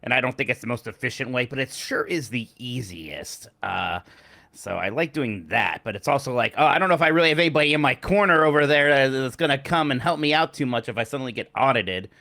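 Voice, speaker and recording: A man talks casually on a podcast with a bright, forceful edge to his voice. He sounds relaxed and chummy. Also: medium pitch, fast talker, creaky. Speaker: podcast co-host. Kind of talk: casual chat.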